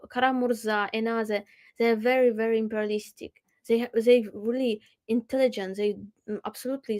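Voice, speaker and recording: Ukrainian woman, non-native English, earnest, frequent restarts; slightly high pitch. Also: a little mellow. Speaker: musician and guest. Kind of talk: casual discussion.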